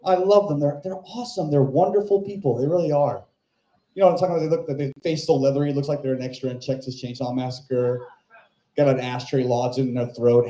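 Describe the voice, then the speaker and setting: Male stand-up comic, mellow voice, rambling self-mocking stories, echoey club room. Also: mid-range voice. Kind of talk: stand-up set and chat. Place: comedy club stage.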